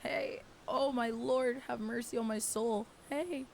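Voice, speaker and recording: A woman streaming a game, hoarse with a failing voice, greeting viewers in a bubbly, flustered way. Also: on the high side, steady tone, slow, a little mellow, slight background noise, low-quality recording. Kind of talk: live gaming stream chat.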